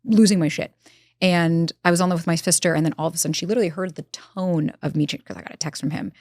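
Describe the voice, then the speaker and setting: A woman speaking as a relationship expert in a candid interview, telling stories quickly and swearing casually. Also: on the low side, no echo. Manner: fast, animated storytelling with casual swearing. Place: Los Angeles.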